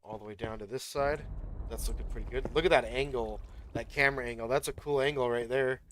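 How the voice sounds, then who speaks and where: A man's voice: medium pitch, fairly even intonation, a little fast, background noise. Chatty male gaming host. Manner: talks the viewer through each step as he plays. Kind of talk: casual gameplay commentary.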